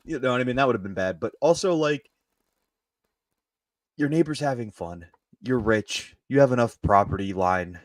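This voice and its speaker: A man's voice: mid-range voice, animated, moderate pace, long pauses, dry recording, clean studio sound. A man co-hosting a comedy talk show, laid-back and joking as he shares his takes. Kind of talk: casual comedic chat.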